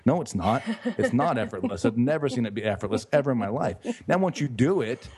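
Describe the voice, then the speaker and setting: A man's voice: medium pitch, lively intonation, fairly quick, darkish tone, slightly rough. A man speaking as a podcast guest, chatting casually in a rambling way and swearing freely. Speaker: guest, author.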